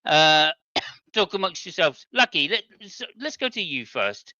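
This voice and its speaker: A man hosting a casual podcast chat in a high, bright, sharp voice. He comes through a dry, dull lo-fi mic, polite and hesitant, thanking people often. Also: very animated, unhurried, dry recording. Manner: polite and hesitant, with many thank-yous and restarts. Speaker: show host.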